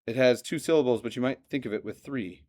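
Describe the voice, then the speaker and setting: A man gives a math lesson to a classroom, talking fast in a mid-range voice. He's lively and joking, frequently putting questions to the students.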